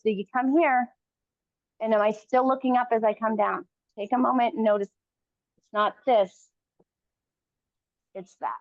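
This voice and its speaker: Woman fitness coach, slightly high voice, dull dry recording, gentle cueing. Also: no echo. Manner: calm encouraging cues, often pausing between short phrases. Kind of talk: live coaching cues during a workout.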